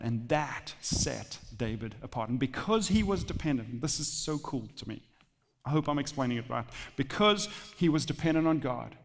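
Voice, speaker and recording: A male pastor preaching a sermon in a church sanctuary, animated and repeating phrases for emphasis. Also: medium pitch. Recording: long church hall reverb.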